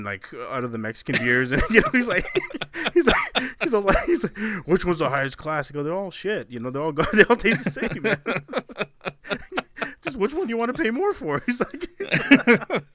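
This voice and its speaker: A man's voice: on the high side, fairly bright tone. A man co-hosting a podcast, joking, laughing often and swearing. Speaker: podcast co-host. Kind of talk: casual chat.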